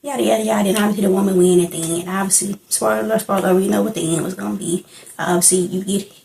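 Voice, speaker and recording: A woman's voice: mid-range voice, steady tone, fast, creaky, darkish tone, slight background noise, low-quality recording. A young woman chatting casually in a reaction vlog, rambling and laughing as she reviews a film. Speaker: movie reviewer.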